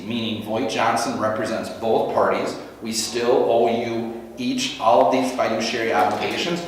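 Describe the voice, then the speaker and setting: A man's voice: on the low side, a little hiss or hum. A man running a real estate training session, walking through forms step by step in a practical, conversational way. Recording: echoey room from far off.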